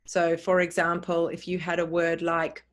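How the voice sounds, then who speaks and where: A woman leads a pronunciation lesson, speaking words slowly and clearly, repeating them, and spelling each one letter by letter. Her voice sits on the low side and stays monotone.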